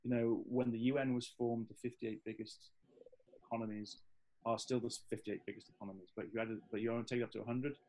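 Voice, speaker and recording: A man's voice: medium pitch, flat delivery, fast, dark tone, a little hiss or hum, rough recording. A man with an English Midlands accent, a guest on an interview, talking with enthusiastic, rambling energy and frequent restarts. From English Midlands, Staffordshire. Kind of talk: casual interview chat.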